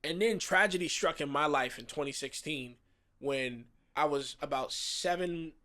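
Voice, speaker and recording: A man in his thirties from South Florida, a guest actor telling casual, animated stories full of slang and acted-out quotes. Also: fairly high pitch, unhurried. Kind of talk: casual storytelling chat.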